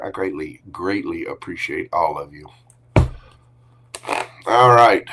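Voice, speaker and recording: A man's voice: fairly low pitch, noisy background. A man hosting a casual livestream tarot reading, chatty and affectionate, greeting viewers with pet names. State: briefly coughing and choked up.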